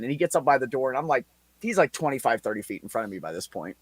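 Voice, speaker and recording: A man's voice: mid-range voice, very fast, husky, dry recording. A man in his forties, a podcast host telling a story in casual, heavily profane chat. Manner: profane, animated anecdote with laughs.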